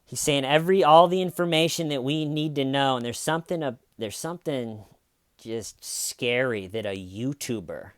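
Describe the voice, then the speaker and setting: A man's voice: mid-range voice, moderate pace, a bit bright, smooth, no echo, studio quality. A man hosting a casual true-crime commentary, talking in an indignant, conversational way with lots of fillers and restarts. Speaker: podcast host.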